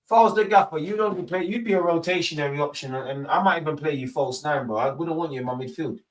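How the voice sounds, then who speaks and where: Young bloke on a match watchalong, loud banter, shouting at the ref, kinda high voice. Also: male voice, quick pace. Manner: animated, shouts at players and referee; slangy banter. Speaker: football watch-along host. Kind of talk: live match watch-along commentary.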